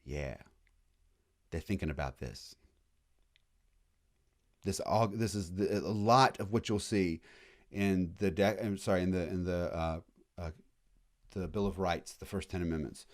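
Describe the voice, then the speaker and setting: Low-voiced casual male history lecturer. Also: measured pace, long pauses. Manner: casual, jokey, acts out voices of historical groups. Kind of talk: classroom lecture. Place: classroom.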